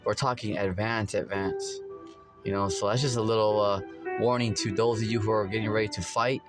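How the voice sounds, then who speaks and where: A man's voice: on the low side, level tone, quick pace, music in the background. A man giving an informal religious talk, rambling with many filler words and quoting scripture. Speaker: preacher.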